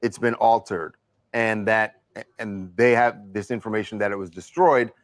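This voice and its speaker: A man's voice: on the low side, moderate pace, no echo. A man on a news panel as a legal commentator, reasoning aloud through the evidence.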